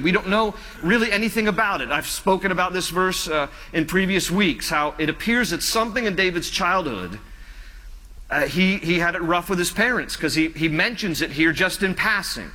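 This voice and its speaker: A male pastor preaches with a fairly high, bright voice, pleading earnestly and letting his lines fall quiet at the ends. The sound carries a long church hall reverb behind him. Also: expressive, normal speed. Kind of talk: sermon.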